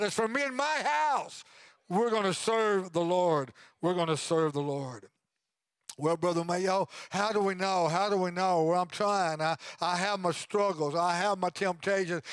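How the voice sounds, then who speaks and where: A man in his sixties preaching a sermon as pastor, swinging between loud preaching and quiet asides. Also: a little high, no echo.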